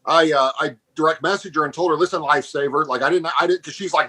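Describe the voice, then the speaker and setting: A man's voice: fairly high pitch, bright, forceful tone, husky, low-quality recording. A man co-hosting a podcast, telling blunt stories in casual chat and laughing at them. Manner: fast storytelling, blunt, laughs at his own stories. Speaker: podcast co-host.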